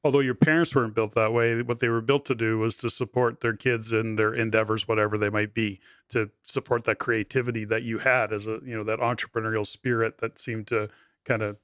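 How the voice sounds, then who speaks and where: A man's voice: lowish voice, level tone, a little fast, a bit bright, no echo. Man hosting a podcast, dry sound. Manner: eager, prompting the guest. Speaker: podcast host. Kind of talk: interview conversation.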